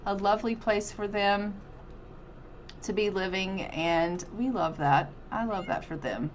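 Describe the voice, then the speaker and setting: Speaking a little slowly in a mid-range voice, a woman narrates what she does in a life-simulation game for her let's-play. She's upbeat and chatty, and slight background noise can be heard.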